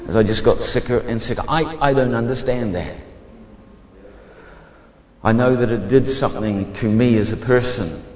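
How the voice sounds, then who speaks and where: Guy preaching his testimony, fervent, goes hushed then loud, big roomy echo. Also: mid-range voice, normal speed, long pauses. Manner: fervent, shifts between hushed and emphatic. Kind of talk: testimony sermon.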